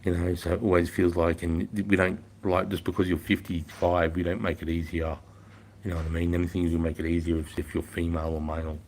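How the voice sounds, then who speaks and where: A gruff man in his fifties, his low voice full of gravelly fry. He talks casually and bluntly to viewers, swearing freely as he tells stories. A faint hiss of noise sits under the recording. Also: flat delivery, fast, darkish tone. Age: 50s. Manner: blunt, profane, storytelling. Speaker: livestreamer and former army instructor.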